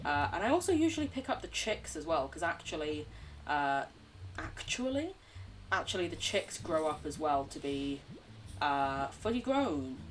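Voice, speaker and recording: A woman's voice: deep voice, sing-song, normal speed, far from the mic, a little hiss or hum. Bubbly woman streaming a game. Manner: chatty, bubbly, talks to chat. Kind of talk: casual gameplay commentary.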